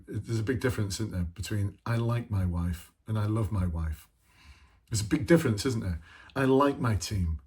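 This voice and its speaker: This husky, fairly low, darkish male voice belongs to a middle-aged ex-cop who now trains leaders. He coaches informally and conversationally, firing off rhetorical questions and muttering to himself along the way.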